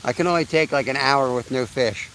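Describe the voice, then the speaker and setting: A man in his thirties talks to his live viewers from a creek bank, relaxed and chatty, laughing easily between thoughts. His voice sits at an ordinary middle pitch. Faint outdoor noise and the odd passing vehicle sit behind him. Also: a little fast, low-quality recording. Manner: laid-back, chatty, laughs often. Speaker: fishing livestream host. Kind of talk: casual live-stream chat. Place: outdoors by a creek while fishing.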